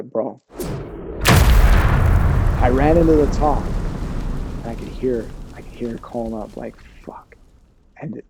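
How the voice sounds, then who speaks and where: An army veteran recounts combat stories in a candid interview, swearing and speaking haltingly, often restarting and lowering his voice on painful memories. His mid-range voice is gravelly and dark, with slight background noise.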